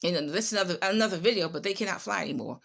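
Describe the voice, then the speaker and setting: Bright-voiced woman, sarcastic and scolding. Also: lowish voice, racing, vocal fry. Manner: sarcastic, scolding, repeats herself. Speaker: commentator on online prophets. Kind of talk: casual commentary.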